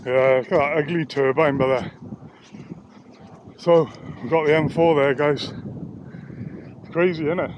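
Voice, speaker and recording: Man, slightly high voice, walk-and-talk vlog, outdoors, faint ambience behind. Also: steady tone, measured pace, long pauses, highs cut off, noisy background. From Wales. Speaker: vlogger and sound therapist. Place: outdoors on open coastal nature reserve.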